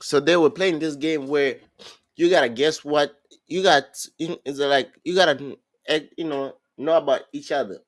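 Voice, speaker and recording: A young man hosts a casual podcast, retelling reality-show drama in an animated, stop-and-start way and acting out each person's lines. His voice sits a little high. The sound is close and dry, with no room around it. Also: dry recording. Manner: animated storyteller, acts out quotes, halting restarts. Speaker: podcast host.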